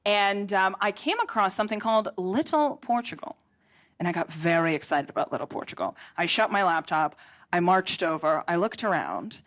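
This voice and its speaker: A woman's voice: medium pitch, normal speed. Sardonic American-accented woman comic. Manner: sardonic, deadpan asides to the audience. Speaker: stand-up comedian. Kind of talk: stand-up comedy set. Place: theatre stage before a live audience.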